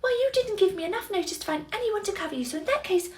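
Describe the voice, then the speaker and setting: A woman playing a cold, officious nursery manager, scolding in a clipped, deliberate way. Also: very high-pitched, expressive, recorded from a distance. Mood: stern. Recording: roomy echo, faint noise.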